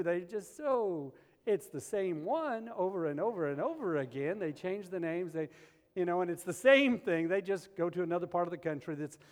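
A man with a high-pitched voice delivers a sermon from the pulpit. He tells humorous, animated stories that build into the teaching. The sound rings out with the long reverb of a large hall. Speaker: pastor.

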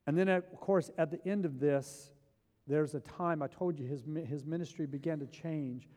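A man preaching with a somewhat high voice that carries a long reverb, as if in a big hall. He swings from loud, eager emphasis to hushed, intense asides, driving each point home. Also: moderate pace. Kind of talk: sermon.

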